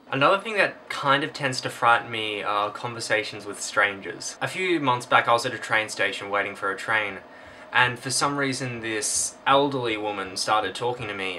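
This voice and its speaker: A man's voice: lowish voice, bright, forceful tone. A young man, hosting a casual vlog in a dry, reflective way. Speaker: vlog host. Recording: distant from the mic, faint background noise.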